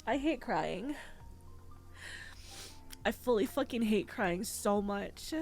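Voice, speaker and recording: A woman streamer chatting candidly and haltingly on a livestream, teary and sniffling, swearing often. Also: medium pitch, vocal fry. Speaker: VTuber streamer. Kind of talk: casual livestream chat.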